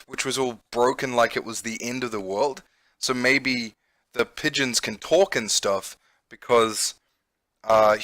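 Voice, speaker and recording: A man's voice: on the high side, bright, forceful tone, no room sound. A man, an English conversation teacher, playing a dating game on a close mic, amused and laughing often while explaining words. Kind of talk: game let's-play commentary.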